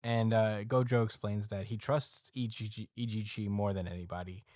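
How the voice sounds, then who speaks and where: A man's voice: lowish voice, steady tone, normal speed, darkish tone, no room sound, studio quality. A man co-hosting a podcast, casually recapping a story with plenty of ums and uhs. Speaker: podcast co-host. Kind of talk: casual chat, recapping a manga chapter.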